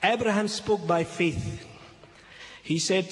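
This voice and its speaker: A man's voice: fairly high pitch, lively intonation, moderate pace. A man speaking as a Christian speaker to an audience. He retells a Bible story in broken English, repeating key phrases and often checking in with "okay?". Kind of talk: expository talk retelling a Bible passage. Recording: echoey hall with faint background noise.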